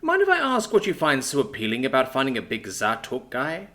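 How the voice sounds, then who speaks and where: A man's voice: medium pitch, wildly swooping pitch, a little fast, bright, forceful tone, pitched above the performer's own voice. A man voicing a seasoned female soldier, matter-of-fact and wry, sometimes stern. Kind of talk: audiobook character voice.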